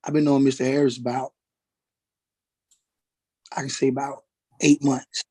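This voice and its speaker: A man testifying as a witness in a courtroom, halting and repeating words as he goes. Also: medium pitch, level tone, a little mellow, slightly rough. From Atlanta, Georgia, US.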